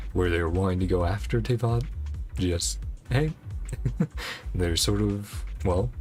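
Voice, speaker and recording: Slow, gravelly-voiced male game streamer. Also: on the low side. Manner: relaxed, rambling, chuckles often. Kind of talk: casual gameplay commentary.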